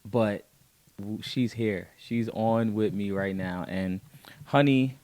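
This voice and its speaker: Male podcast host, deep-ish voice, effusive and excited, dry booth sound. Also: slow pace, no room sound. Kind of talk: faith podcast conversation.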